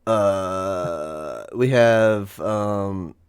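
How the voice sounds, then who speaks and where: A man's voice: low voice, drawn-out words, clean tone. A man co-hosting a casual podcast, joking crudely and laughing often. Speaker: podcast co-host. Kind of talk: casual chat.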